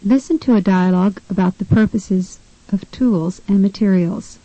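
This is scripted teaching narration: a woman walks through an English pronunciation lesson step by step, speaking clearly and at a measured pace. Her mid-range voice is warm and mellow. The recording is dry and close, with the high frequencies cut off.

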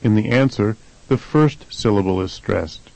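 A man's voice: lowish voice, unhurried, creaky, no echo, rough recording. Man reading lesson answers, dry and close. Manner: plain, even reading of answers. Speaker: language lesson voice actor. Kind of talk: scripted instructional narration.

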